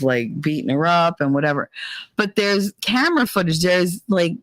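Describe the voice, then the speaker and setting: A woman's voice: low-pitched, no echo. A woman hosting a casual chat show, telling stories in a blunt, profane way. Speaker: host.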